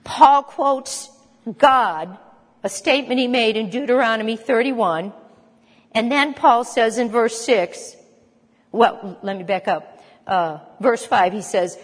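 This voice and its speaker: A woman delivering a sermon with a somewhat high voice. She speaks with emphasis, poses rhetorical questions and repeats phrases for stress. Her voice rings with the long reverb of a hall. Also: lively intonation. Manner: emphatic, rhetorical questions, rapid mock chanting. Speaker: preacher.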